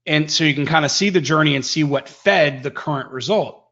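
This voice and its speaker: A man teaching online marketing in a live webinar, energetic and emphatic, swinging his pitch and pace for effect. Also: fairly quick, muffled recording.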